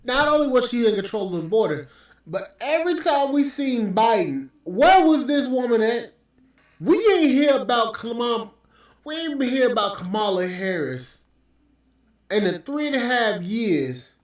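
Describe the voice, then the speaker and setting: A man's voice: extremely high pitch, sing-song, a little slow. A man hosting a podcast, ranting with profane, scornful commentary. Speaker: podcast host. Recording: very echoey room, mic at distance.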